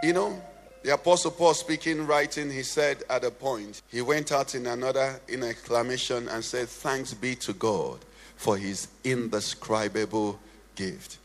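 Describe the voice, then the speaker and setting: A pastor preaches and leads prayer in a church sanctuary, his mid-range voice a little slow with fairly even intonation yet a passionate, sing-song cadence that swells to shouts and drops to hushed prayer. The reverberant church hall carries faint music.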